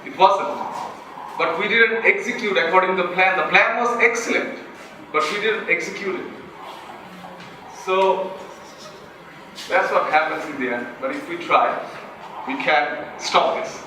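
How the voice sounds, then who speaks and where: In an echoey hall recorded from afar, a young Bangladeshi student speaker with a Bangladeshi English accent gives a sincere, self-deprecating motivational talk and questions his audience. His voice is high-pitched and unhurried, broken by frequent pauses, over background noise.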